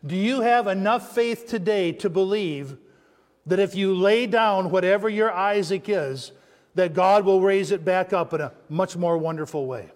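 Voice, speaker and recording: High-voiced man preaching in a reverberant hall. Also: measured pace. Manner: preaching with rising emphasis and call-and-response questions. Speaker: pastor. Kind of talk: sermon.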